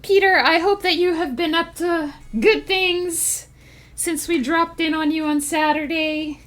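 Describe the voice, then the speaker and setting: A woman's voice: extremely high pitch, fairly even intonation, measured pace, fairly bright tone. A woman streamer chatting casually with her live chat, reacting to messages and laughing often. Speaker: streamer and writer.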